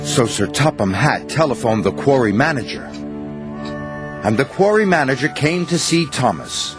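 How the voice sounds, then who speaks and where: A man narrating a children's storybook in a slow, expressive manner. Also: mid-range voice. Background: music.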